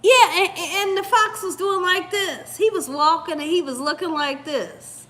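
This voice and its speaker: A woman hosting a channel, telling a story in an animated, casual way and talking straight to viewers. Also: very high voice, measured pace. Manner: animated, addresses viewers as "y'all". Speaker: cooking channel host.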